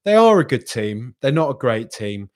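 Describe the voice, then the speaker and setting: A young man hosting a live football reaction stream and reading out viewer comments in a chatty, animated way, often repeating himself. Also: medium pitch, moderate pace. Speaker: football podcast host.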